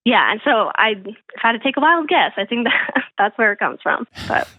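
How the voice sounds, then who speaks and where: A woman calling in to an advice show, talking in a hesitant, halting way with many fillers. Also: on the high side, very animated, no room sound. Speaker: caller. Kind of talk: call-in phone conversation. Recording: tinny phone line.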